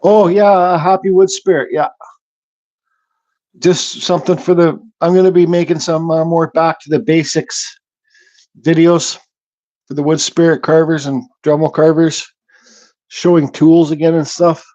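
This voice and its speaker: Man, fairly high voice, mellow tone, relaxed livestream chatter, dull lo-fi sound. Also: measured pace, long pauses. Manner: relaxed, reads chat comments aloud, mumbles. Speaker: livestream host. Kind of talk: casual livestream chat.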